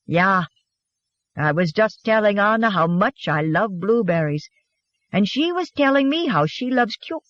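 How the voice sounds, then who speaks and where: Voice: medium pitch, expressive, unhurried, fairly bright tone, no echo, highs cut off, voice pushed up. An audiobook narrator voicing an affectionate farmer husband who whispers amused remarks to his wife. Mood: sly.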